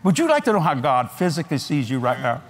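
An older man preaching a sermon at a large convention, animated and folksy, laughing between points. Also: fairly high pitch, fast, breathy edge.

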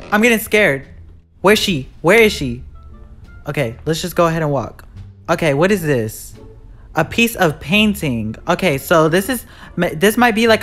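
A woman giving live commentary as she plays a horror game. She talks in an excitable, jumpy way, with sudden shrieks and slangy asides. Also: on the low side. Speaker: gaming YouTuber.

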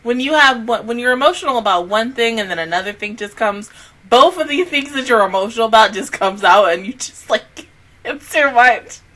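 Young woman reacting to anime, bright slightly high voice, gushy and swearing a lot, all over the place emotionally. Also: lively intonation, moderate pace. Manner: gushing, exclamatory, swings between laughing and tearful; casual, swears freely. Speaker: anime reaction channel host.

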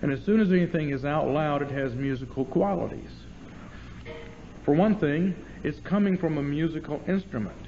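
A man giving an informal theology lecture to an audience, lively and demonstrative, often checking in with questions to his listeners. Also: fairly high pitch, moderate pace, narrow, tinny audio, faint music behind.

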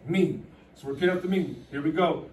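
A man's voice: on the high side, brisk, darkish tone. Man drilling a class, roomy and distant. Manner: repetitive, coaxing call-and-response teaching. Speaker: teacher. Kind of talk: classroom Arabic pronunciation drill. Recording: echoey classroom from far off, faint hum.

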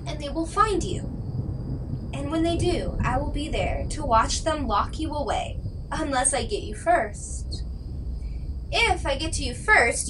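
A woman voicing an angry young male college student who shouts confrontational threats. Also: sits high, distant mic, low-quality recording.

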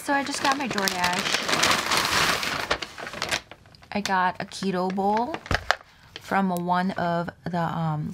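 A woman's voice: mid-range voice, background noise. A woman chatting casually in a vlog, rambling and filling her talk with "like" while she eats. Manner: chatty, rambling, heavy use of "like". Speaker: vlogger.

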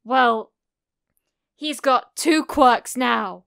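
A woman voicing an angry, stubborn young boy in a fan fiction reading, shouting and snarling. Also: a little high, drawn-out words, gravelly, clear, resonant tone, exaggerated voice.

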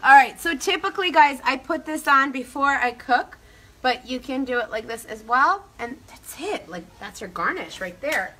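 A young woman hosts a live cooking show in a chatty, upbeat way, talking straight to her viewers. Her voice sits a touch high and sounds bright and forceful. A faint hum of noise runs behind her. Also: lively intonation, moderate pace.

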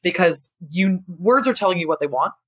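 A woman from the United States talking as a guest historian in a casual podcast conversation, animated and chatty, acting out quoted reactions. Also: lowish voice, a little fast, breathy edge.

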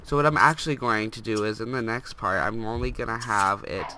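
A young man with a stuffed-up nose rambles through casual let's-play commentary, scolding the characters on screen. His voice is fairly low and quick, with background noise in the recording.

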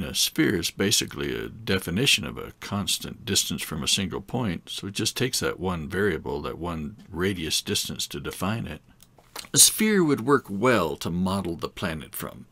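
A male instructor explains things in a loose, conversational way and drops wry asides as he goes. His voice sits low with a gravelly fry in it. The sound is dry and close, with no room around it. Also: a bit bright, dry recording. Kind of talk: recorded screen lecture.

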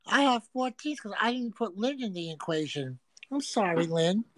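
A loud, crude woman chatting on a casual livestream from inside a home. She teases and swears freely in brash, playful banter. Her voice sits at an ordinary middle pitch and sounds dry and close, with little room echo. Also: lively intonation, moderate pace. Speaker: livestream host. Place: a friend's home.

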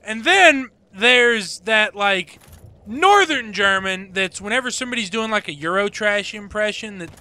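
High, bright Appalachian man joking around. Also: animated, a little slow. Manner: provocative, joking, stubborn. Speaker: let's play co-host. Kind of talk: casual gaming commentary chat.

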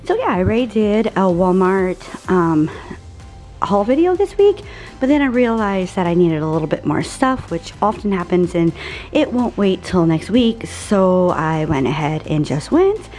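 A woman's voice: medium pitch, very animated, measured pace, a little mellow, soft background music. A woman in her forties chatting through a grocery haul in an upbeat, rambling way. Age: 40s. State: out of breath. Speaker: vlogger.

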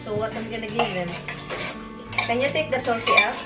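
A woman's voice: on the high side, a little fast. A woman from the Philippines with a Filipino accent, chatting animatedly and teasingly in a casual home vlog. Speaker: vlogger. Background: background music.

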